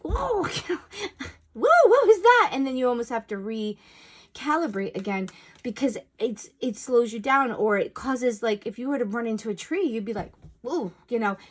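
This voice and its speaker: A woman talks through a spiritual message in a loose, meandering way, as if chatting with a friend. Her talk wanders and doubles back, and now and then she breaks into sudden exclaimed asides. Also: on the high side. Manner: rambling and conversational, with bursts of exclaimed asides. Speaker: intuitive reader giving a collective message. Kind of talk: casual spiritual guidance talk.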